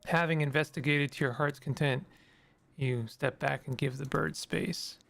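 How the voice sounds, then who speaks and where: A man's voice: a little high, fairly even intonation, normal speed, gravelly, fairly bright tone. A male streamer reading a story game aloud and chatting playfully with his viewers.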